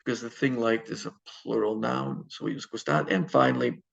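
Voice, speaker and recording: A man's voice: medium pitch, steady tone, a little fast, gravelly, lo-fi sound. A man teaching a Spanish grammar lesson, explaining step by step with fillers and self-corrections. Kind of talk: recorded classroom lecture.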